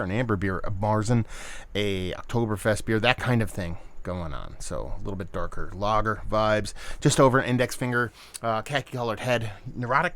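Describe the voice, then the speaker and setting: A man's voice: mid-range voice, a bit bright. A man hosting a casual beer review video, talking in a loose, enthusiastic, slangy way.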